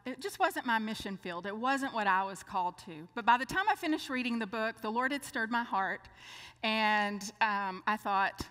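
An older woman preaching a sermon, telling a lively story and acting out the dialogue. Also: a little high, moderate pace. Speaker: speaker. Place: church. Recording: long church hall reverb.

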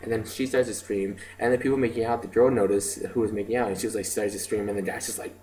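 A man's voice: lowish voice, steady tone, fast talker, dark tone, slight background noise, poor audio. Rambling man in a casual video diary. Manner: rambling, filler-heavy storytelling with many "like" and "um". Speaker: video diarist.

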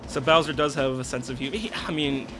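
A man commentating on a video game as a let's play host, excitable and rambling, with many restarts. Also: medium pitch, fast talker, over music.

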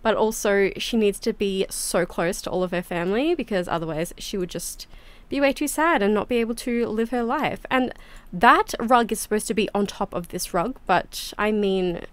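A woman hosting a gaming channel, giving casual, chatty gameplay commentary with lots of quick exclamations. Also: medium pitch, dry recording.

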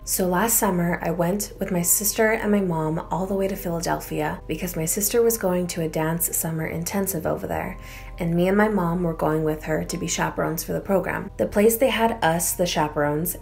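A woman's voice: on the low side, vocal fry, darkish tone. A young woman on her own channel, reading viewers' scary stories aloud in a chatty, filler-heavy way and getting easily spooked. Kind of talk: casual storytelling read-aloud.

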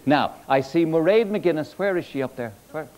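A man's voice: a little high, lively intonation, normal speed, a little mellow. A man in his sixties hosting a live television chat show, questioning guests in a studio. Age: 60s. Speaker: talk show host. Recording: TV studio with audience and noise.

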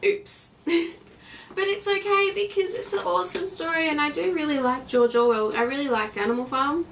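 A bubbly Australian teenage girl rambles through a casual vlog from her bedroom, her voice sitting a little high. She sounds a bit off from the mic, with a faint hum of room noise behind her. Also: moderate pace, fairly bright tone, distant mic. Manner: bubbly, rambling, acts out stories with silly voices. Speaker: vlogger.

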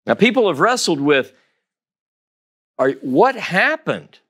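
A man's voice: high voice, sing-song, slow, fairly bright tone, breathy edge. A man giving a Torah teaching, reading scripture dramatically and stressing key phrases by repeating them. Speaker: Bible teacher.

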